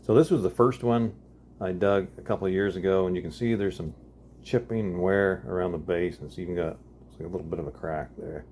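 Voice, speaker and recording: A man's voice: sits low, a little fast, darkish tone, slight background noise. A man hosting a casual vlog, talking in a folksy, laid-back way with chuckles. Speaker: host.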